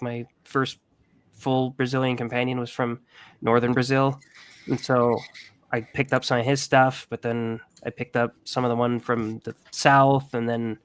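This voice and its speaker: A man's voice: mid-range voice, fairly bright tone, no echo. A man, a podcast co-host, chatting casually with loose storytelling and crude jokes. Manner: storytelling, swearing, does mocking voices. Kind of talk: casual chat.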